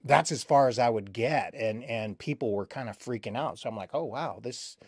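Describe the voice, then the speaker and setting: Guy voice actor rambling through his memories, lots of uh and um, middle pitch, dead dry sound. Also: fairly quick, a little mellow, no room sound. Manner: rambling, many fillers and restarts. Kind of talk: recalled interview answers.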